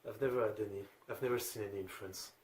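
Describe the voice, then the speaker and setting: A man's voice: lowish voice, fairly even intonation, quick pace. A man hosting an anime reaction, commenting casually and offhand, a little sleepy and swearing now and then. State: sleepy, yawning. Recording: echoey room, faint background hiss.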